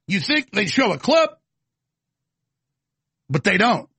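A man hosting a commentary show, talking in a fiery, emphatic, indignant way with a gravelly, raspy voice. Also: sits high, big pitch swings, slow pace, pauses often, sharp tone, no echo. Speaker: show host. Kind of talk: impassioned commentary.

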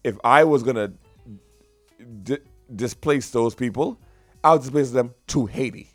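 A man co-hosting a casual talk show, animated, his voice jumping high when he makes a point. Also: a little slow, dry recording, soft background music. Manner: animated, pitch jumps high when emphatic. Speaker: podcast co-host. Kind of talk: casual chat.

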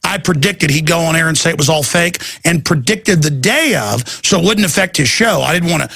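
A man's voice: fairly high pitch, expressive, fairly quick, creaky, sharp tone, slightly rough, no room sound. A man hosting a talk show, delivering a heated, emphatic and urgent radio monologue.

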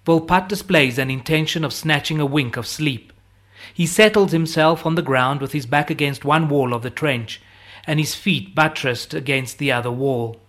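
A man narrating a literary audiobook in a measured, steady way. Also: a little high. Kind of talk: scripted narration.

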